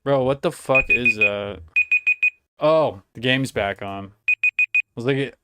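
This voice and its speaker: A man's voice: mid-range voice, takes it slowly, heavy background noise. Foul-mouthed young male streamer. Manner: swears a lot, jumps into loud excited outbursts. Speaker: livestreamer. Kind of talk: casual live-stream commentary.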